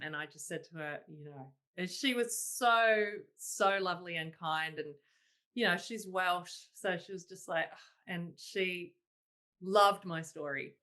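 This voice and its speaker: A woman, a singer-songwriter guest telling her stories in a casual interview, animated and laughing, quoting herself in exclaimed asides. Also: lowish voice, measured pace. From Australia.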